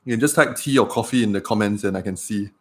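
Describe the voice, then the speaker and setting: A man's voice: on the low side, quick pace, a bit bright. A man, a doctor chatting casually on a livestream with lots of fillers. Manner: chatty and rambling, with many fillers.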